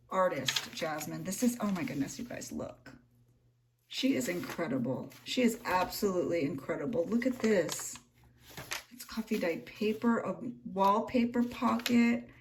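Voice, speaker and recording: In this casual flip-through vlog, a young journaling vlogger pages through a handmade journal at home. Her medium-pitched voice is soft-spoken, gushing and emotional, taken at a measured pace with slight background noise.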